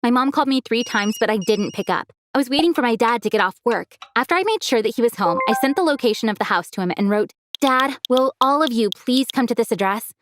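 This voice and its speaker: Brisk, high-voiced woman telling a storytime. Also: slight background noise. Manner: brisk, expressive first-person telling. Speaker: narrator. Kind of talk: scripted storytime narration. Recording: clear music behind.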